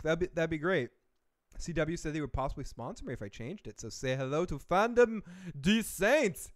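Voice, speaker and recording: A man's voice: fairly high pitch, fairly bright tone, clear, resonant tone. A man hosting a live stream, rambling in casual chat with profane, chuckling asides. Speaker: show host.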